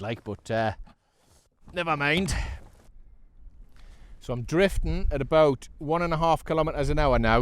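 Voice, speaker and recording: A man with a North East English accent talking casually to the camera from a sea kayak while he fishes, chatty and excitable, laughing often and talking to the fish. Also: medium pitch, smooth, dry recording. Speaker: kayak angler.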